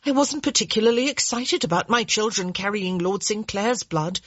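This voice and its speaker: A woman's voice: mid-range voice, expressive, a bit bright, dry recording, voice pushed up. A woman voicing a spirited, frank young noblewoman who speaks bluntly, in a raised voice. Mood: tart. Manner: blunt, brisk. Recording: dull lo-fi dry recording.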